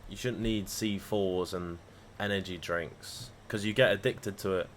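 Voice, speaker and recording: A man's voice: deep voice, steady tone, unhurried, fairly bright tone, a little hiss or hum. A man chatting casually on a livestream, rambling and swearing freely as he talks to his viewers. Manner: rambling, profane banter. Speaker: live trading streamer.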